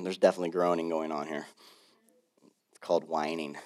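A man pastor preaching a sermon in an animated, conversational way, with frequent asides. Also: a bass voice, brisk, pauses often.

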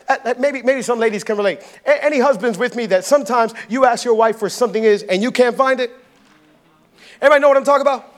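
A male pastor delivering an energetic, playful sermon, calling out to the congregation. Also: extremely high pitch, fast. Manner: energetic, playful preaching with audience call-outs.

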